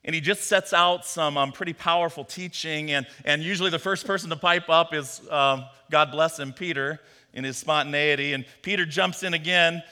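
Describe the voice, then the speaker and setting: A man preaching a sermon, telling a parable with animated storytelling and bits of acted dialogue. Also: fairly high pitch, moderate pace, few pauses, clean tone. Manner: animated storytelling, acts out Peter's voice. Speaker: pastor. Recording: long hall reverb.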